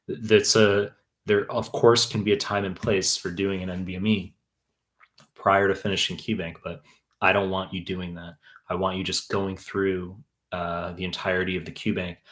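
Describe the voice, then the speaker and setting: Young man, very low flat voice, bright edge, blunt and profane, rambling exam tutor on a live Q&A. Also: moderate pace. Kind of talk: live stream Q&A, reading chat questions.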